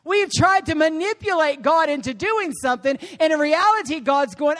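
A woman guest preacher delivering an animated sermon, calling for responses from the congregation. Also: sits high, fairly quick. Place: church service.

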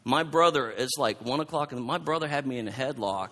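A middle-aged man preaching with a bright, forward tone that sits a little high for a man. He tells a story from his own life in halting bursts, restarting and repeating words as he goes. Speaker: pastor. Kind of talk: sermon with personal story.

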